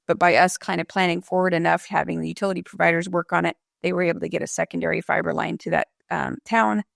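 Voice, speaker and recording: Gravelly-voiced woman guest. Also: on the low side, steady tone, no room sound, clean studio sound. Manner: measured, explanatory, gives worked examples. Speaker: emergency management director. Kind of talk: interview guest answer.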